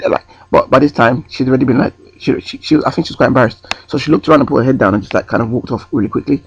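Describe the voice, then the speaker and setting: A man tells a story straight into his webcam, wandering off track and correcting himself. His voice is gravelly and a little husky. The sound is dry and dull. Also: medium pitch, rapid-fire, hardly any pauses, no echo. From North London. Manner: rambling, self-correcting. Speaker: vlogger. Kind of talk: storytime vlog. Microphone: webcam close to the face.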